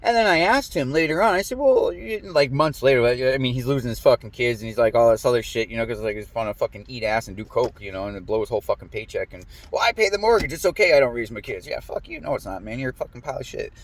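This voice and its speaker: A man rambling through a personal story, cursing freely and jumping up into a sharper voice whenever he quotes someone. His pitch sits in an ordinary middle range, and he talks in loose, looping sentences full of fillers. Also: quick pace, hardly any pauses. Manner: profane, animated, quotes people in raised voice. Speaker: podcast host.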